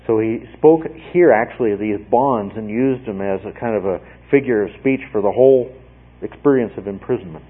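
A man's voice: lowish voice, brisk. A man teaching through a Bible passage verse by verse, emphatic, repeating phrases and checking in with "okay?" as he goes. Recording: tinny phone-like radio broadcast, husky.

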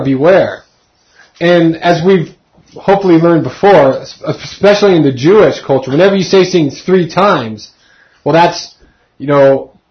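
A man's voice: on the high side, dull audio. A man in his thirties casually teaching a Bible study, talking conversationally and asking his group questions.

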